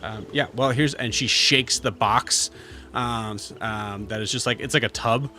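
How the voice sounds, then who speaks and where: A man running a tabletop game as game master, describing items in halting, filler-heavy casual speech. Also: medium pitch, steady tone, sharp tone, soft background music.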